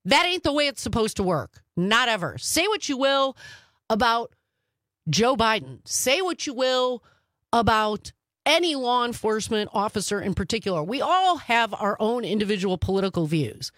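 A woman's voice: fairly high pitch, moderate pace, no room sound, studio quality. A woman hosting a talk radio show, opinionated and emphatic, stretching out words to make her points. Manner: animated and emphatic, dragging out key words. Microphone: studio microphone.

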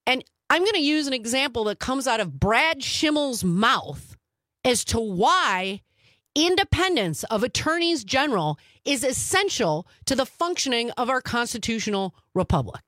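This talk radio host has a voice on the high side, captured on a studio mic with a dry, clean sound. Opinionated and emphatic, she stretches out words to drive her points home.

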